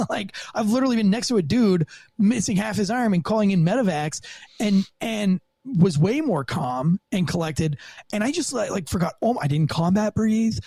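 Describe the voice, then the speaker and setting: A man telling a profane, animated story from his rookie years as a police officer, as a podcast guest. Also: high voice, normal speed, vocal fry, dry recording, clean studio sound. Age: young adult. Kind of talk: casual storytelling interview.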